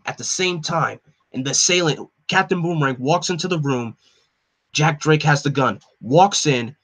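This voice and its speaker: Excitable man narrating a comic. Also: fairly high pitch. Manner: excitable, emotional. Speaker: comic reader. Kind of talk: casual comic live read.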